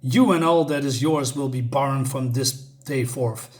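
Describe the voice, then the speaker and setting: A man's voice: mid-range voice, normal speed, close to an everyday voice. A man reading aloud the lines of a grim male black elf warrior who speaks in formal, archaic phrasing. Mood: stern. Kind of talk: reading comic dialogue aloud.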